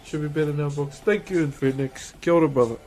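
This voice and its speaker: A man's voice: on the high side, fairly even intonation, fast, a little mellow, soft background music. A man chatting casually on a live stream while woodcarving, laughing often and greeting viewers. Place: carving workshop.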